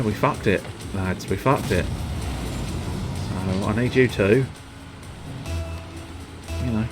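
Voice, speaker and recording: Male streamer with a lowish voice and a faint music bed behind him, excitable and sweary, mocks himself as he plays. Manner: excitable, sweary and self-mocking, bursting into yelps. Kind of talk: live gameplay commentary.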